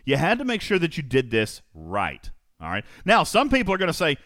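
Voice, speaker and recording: An energetic man hosts a live gaming podcast, his pitch swinging up and down as he hammers home points by repeating them. The sound is close and dry with no room around it, and he keeps turning to address his co-host and the audience. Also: a little fast, dry recording. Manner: energetic, emphatic, repeats phrases for effect.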